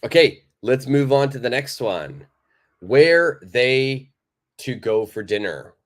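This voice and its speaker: A man's voice: medium pitch, animated, takes it slowly. A man teaching English in a live online lesson, explaining phrases emphatically and reading out viewer comments.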